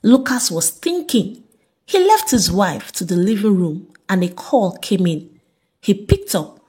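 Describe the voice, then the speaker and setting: Give me a woman reading a story aloud with animated, expressive intonation. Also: medium pitch, a little slow. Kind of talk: storybook narration.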